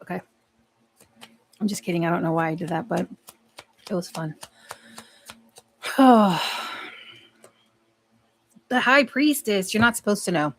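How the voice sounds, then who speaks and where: A woman's voice: fairly low pitch, a little slow, long pauses, fairly bright tone. Blunt, swearing woman reading tarot cards. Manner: blunt, profane, talks to the cards and to herself. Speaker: tarot card reader. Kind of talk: live tarot reading, casual chat.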